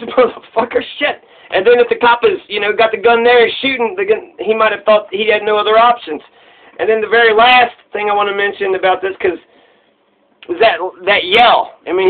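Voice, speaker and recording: Male commentator, high voice, loose profane monologue, lo-fi phone-quality sound. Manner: rambling, profane, restarts mid-thought. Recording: tinny phone-like recording.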